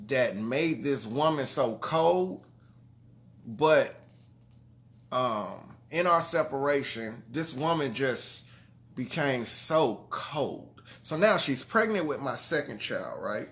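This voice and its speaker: An adult father of grown sons tells his audience a heartfelt personal story in a mid-range, animated voice at a slow pace. He's earnest and conversational, often asking "you know what I'm saying," with trailing restarts and soft drops in level.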